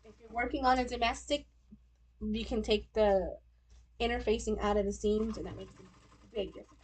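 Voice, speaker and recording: A woman's voice: fairly high pitch, fairly even intonation, moderate pace, darkish tone, slightly rough. A woman hosting a live sewing stream, chatting casually as she walks through each step. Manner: chatty, talks through her steps as she sews. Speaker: sewing livestream host.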